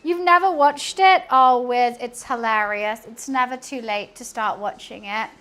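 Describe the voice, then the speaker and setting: Chatty young woman, high voice. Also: a little slow, a bit bright, clean tone. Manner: chatty, rambling, humming and singing to herself. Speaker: streamer. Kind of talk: casual chat while cleaning and cooking. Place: home kitchen.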